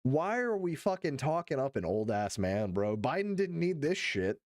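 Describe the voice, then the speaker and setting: A young man streaming, reacting to clips in profane, excited commentary full of laughs. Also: a little high, normal speed, a little hiss or hum.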